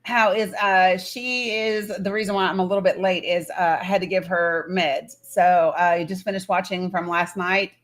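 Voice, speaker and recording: A woman's voice: on the low side, fairly even intonation, normal speed, few pauses. A woman in her thirties hosting a casual livestream, greeting viewers by name and setting ground rules. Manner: greets viewers one by one, talks to her kids off-mic. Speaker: livestream host.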